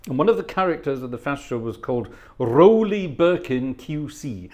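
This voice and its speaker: A man's voice: fairly high pitch, animated, moderate pace, darkish tone. Chatty middle-aged male organist telling stories. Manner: chatty storyteller who hums choir parts and mimics voices. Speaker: organist and choir director. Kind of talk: casual anecdotal chat during a live stream.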